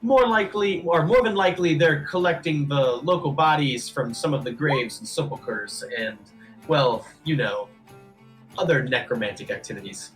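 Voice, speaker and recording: A man running a tabletop game as game master, talking in a relaxed, hesitant way with frequent ums. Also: on the high side, moderate pace, soft background music.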